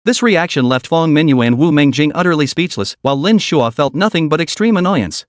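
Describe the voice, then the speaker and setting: A man's voice: on the high side, animated, a little fast, no echo, studio quality. A man narrating a comic recap as a dramatic story.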